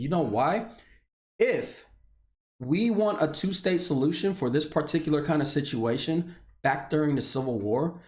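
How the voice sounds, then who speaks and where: Profane, fiery man ranting. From Indiana, US. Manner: heated, profane, swings between shouting anger and low weary tones. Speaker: video blogger, military veteran. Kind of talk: unscripted personal rant.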